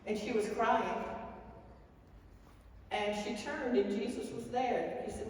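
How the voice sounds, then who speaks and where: A woman's voice: on the high side, steady tone, unhurried, pauses often, a little mellow, slight background noise. A woman pastor giving a sermon in an earnest, rambling storytelling way, with restarts. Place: church sanctuary. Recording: echoey church hall mic from far off.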